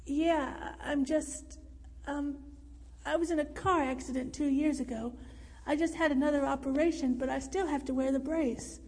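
A woman voicing a blunt, bewildered young American man who talks haltingly. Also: high voice, fairly even intonation, a little mellow. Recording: reverberant room.

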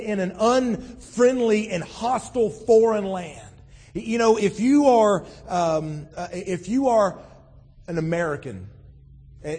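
Male pastor, high husky voice, chatty preaching style full of restarts, long hall echo. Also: a little mellow. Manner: conversational, many restarts and "you know". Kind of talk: sermon.

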